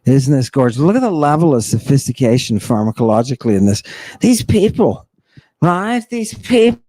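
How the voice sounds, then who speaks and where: A man's voice: medium pitch, big pitch swings, normal speed, dark tone, no room sound. A man hosting a podcast, delivering an impassioned lecture-style monologue with emphatic, sardonic rhetorical questions. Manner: mocks opponents with exaggerated put-on voices. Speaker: podcast host.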